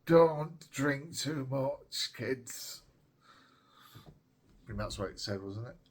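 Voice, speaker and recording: A man's voice: mid-range voice, lively intonation, slow, breathy edge. A British man chatting casually to camera as he unboxes a small collectible, rambling and joking along the way. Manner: chatty, rambling, playful asides. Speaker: retro gaming vlogger.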